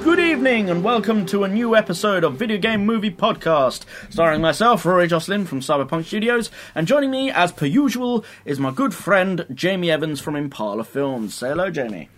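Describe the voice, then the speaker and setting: A man's voice: sits high, lively intonation, brisk, few pauses, fairly bright tone. A man co-hosting a podcast in casual, jokey chat. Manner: chatty, jokey. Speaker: podcast co-host.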